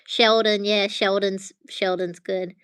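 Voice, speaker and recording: A woman's voice: mid-range voice, little pitch movement, slow, fairly bright tone, clean tone, dry recording. A woman hosting a casual livestream, chatting with viewers from her phone in a rambling way. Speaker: livestream host.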